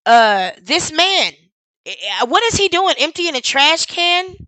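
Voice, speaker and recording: High, bright-voiced sarcastic woman streamer. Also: very animated, unhurried, no echo, rough recording. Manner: sarcastic, rhetorical questions, blunt and profane. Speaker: streamer reacting to a news clip. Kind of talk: live-stream reaction commentary.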